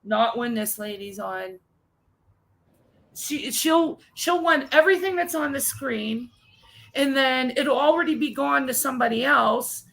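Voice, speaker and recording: High, gravelly woman ranting. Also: measured pace, fairly bright tone, rough recording. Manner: ranting, exasperated storytelling with mocking mimicry. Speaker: co-host. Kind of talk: casual chat.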